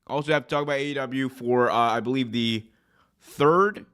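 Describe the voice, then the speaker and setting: A young man who is hoarse from being sick, hosting a live wrestling commentary stream in a chatty, rambling way that often corrects itself. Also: mid-range voice, moderate pace, fairly bright tone. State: hoarse, recovering from illness. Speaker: wrestling show host.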